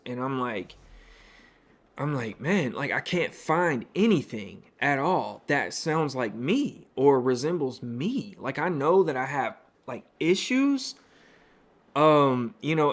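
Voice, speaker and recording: A man's voice: mid-range voice, fairly bright tone. A man hosting his own podcast, telling a personal story in a candid, conversational way full of fillers and asides. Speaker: podcast host.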